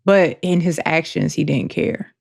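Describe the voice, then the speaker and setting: A woman co-hosting a podcast, speaking openly and emotionally in a slow, halting way. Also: deep voice, lively intonation, gravelly, darkish tone. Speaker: podcast co-host. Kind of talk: candid personal talk.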